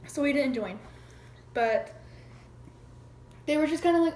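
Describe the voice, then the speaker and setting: A woman's voice: high voice, a little slow, long pauses, reverberant, slight background noise, low-quality recording. A woman casually retelling a history lesson in a chatty, irreverent way, acting out quotes and swearing now and then. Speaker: amateur history explainer.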